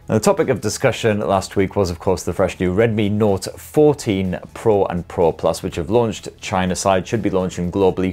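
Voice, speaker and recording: A man's voice: lowish voice, a little mellow. A British man hosting a tech video, reading viewer comments in a cheeky, sweary, jokey way.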